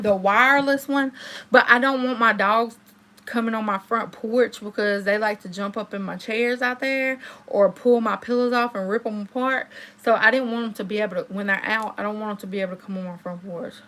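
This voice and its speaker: Bright, chatty woman on a livestream. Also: normal speed. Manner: chatty, storytelling, swings into high exclamations. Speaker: livestream host. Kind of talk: casual livestream chat with viewers.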